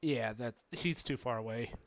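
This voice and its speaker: A man's voice: mid-range voice, moderate pace, no echo. A man playing a tabletop game, chatting casually and laughing often, at times with a slight lisp. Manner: laughing often, lisping at moments. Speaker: tabletop player.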